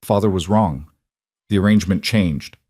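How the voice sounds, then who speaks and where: A man voicing a calm, self-sacrificing young woman in a spoken story. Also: low voice, moderate pace, no room sound, clean studio sound. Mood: resolute. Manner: calm, steady. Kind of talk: audiobook storytelling.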